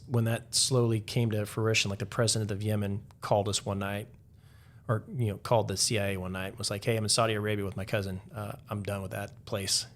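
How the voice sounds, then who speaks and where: A man as a podcast guest, telling a story in a loose, casual way, with lots of "like" fillers. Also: lowish voice.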